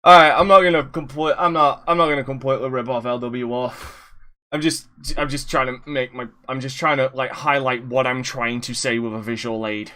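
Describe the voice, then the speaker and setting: A man hosting a casual podcast, rambling, swearing freely and often breaking into loud laughter. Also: medium pitch, steady tone, fairly quick. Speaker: podcast host.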